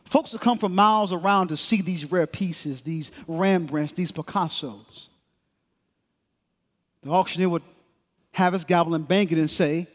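High-voiced preacher telling a story. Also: male voice, in a large hall. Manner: dramatic, measured storytelling. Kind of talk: sermon illustration storytelling. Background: music.

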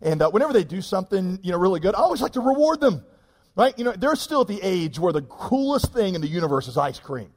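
A man, preaching a sermon in an animated, joking, self-deprecating way. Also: high voice, quick pace, big-room sound. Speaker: pastor.

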